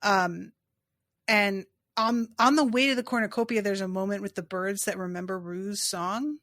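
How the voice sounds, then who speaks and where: A woman's voice: mid-range voice, steady tone, moderate pace, a bit bright, dry recording, clean studio sound. A woman co-hosting a podcast, casually thinking aloud and reading passages from a book. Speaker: podcast co-host.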